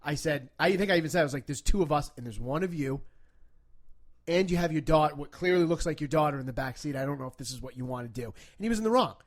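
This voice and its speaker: A podcast guest with a somewhat high voice who rambles through stories with a lot of fillers and swearing. He often pokes fun at himself. He talks in a loose, conversational way. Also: quick pace. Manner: rambling, profane, self-deprecating storytelling. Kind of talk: casual podcast chat.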